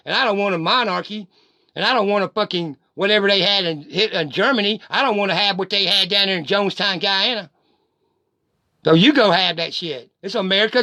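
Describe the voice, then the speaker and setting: A man's voice: sits high, creaky, sharp tone, no echo. A middle-aged man, delivering a heated, profane rant straight at the camera. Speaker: vlogger. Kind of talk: angry direct-to-camera rant.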